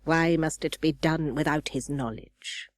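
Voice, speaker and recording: A woman's voice: sits low, steady tone, unhurried, no echo, studio quality. A woman voicing a bitter, brooding old jilted woman who flashes into sudden wrath, in an audiobook. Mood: probing. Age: older. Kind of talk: audiobook dialogue.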